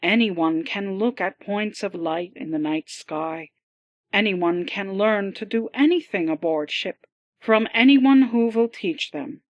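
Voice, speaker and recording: A woman voicing a calm male Swedish sea captain in an audiobook, speaking in a smooth, rolling Swedish accent. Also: medium pitch, a little slow, dry recording, lo-fi sound, lightly acted. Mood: calm, measured.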